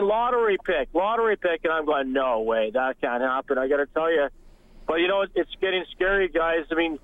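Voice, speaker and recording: A man's voice: high-pitched, rough recording. A man calling in to a sports radio show, chatty and rambling, often laughing at himself. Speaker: caller. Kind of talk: phone-in chat.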